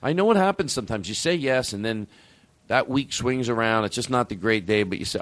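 A man's voice: mid-range voice, lively intonation, a little fast, a bit bright, no echo. A man hosting a show in casual chat, rambling, cutting himself off and swearing freely. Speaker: podcast host.

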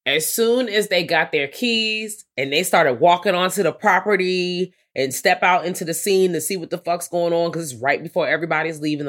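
A woman co-hosting a movie podcast, talking bluntly and profanely in casual chat. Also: low-pitched. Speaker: podcast co-host.

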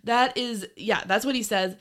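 A woman's voice: a little high, normal speed, fairly bright tone. Chatty, laughing woman podcaster. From Ireland. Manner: chatty, laughs often, swears casually. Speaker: podcast co-host. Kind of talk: casual film discussion podcast.

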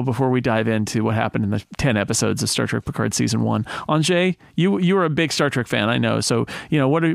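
A man hosting a casual panel podcast, chatty and quick to laugh, often correcting himself mid-sentence. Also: medium pitch, vocal fry, dry recording, clean studio sound. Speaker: podcast host.

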